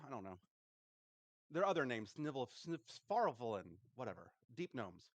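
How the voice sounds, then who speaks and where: A man's voice: mid-range voice, sing-song, moderate pace, no echo. Guy gm-ing a tabletop game, playful, makes up silly names as he goes. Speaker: game master.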